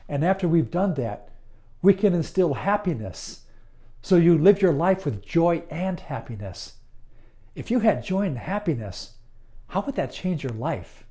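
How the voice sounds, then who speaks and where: A certified hypnotist addresses the listener in a slow, earnest promotional monologue, calm, deliberate, soothing and reassuring. His voice is a little high for a man but mellow and warm, never sharp, and he leaves long pauses between phrases.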